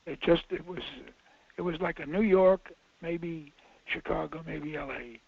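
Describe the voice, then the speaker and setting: A man's voice: a little high, measured pace, vocal fry, slightly rough, dry recording. An older man, a film director and guest, telling rambling anecdotes with restarts and emphatic bursts. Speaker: filmmaker guest. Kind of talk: casual anecdote. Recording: lo-fi audio.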